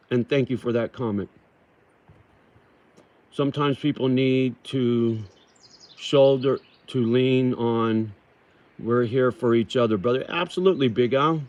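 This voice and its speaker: Rough-spoken man reading livestream chat. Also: medium pitch, a little mellow, lo-fi sound. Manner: rough-spoken, swears, calls viewers brother; reads comments slowly aloud.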